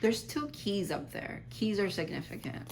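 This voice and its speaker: A woman's voice: medium pitch, very animated, moderate pace, creaky, background noise. A woman giving a casual, rambling tarot reading to her viewers, full of "like" fillers and effusive reassurance. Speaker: tarot reader.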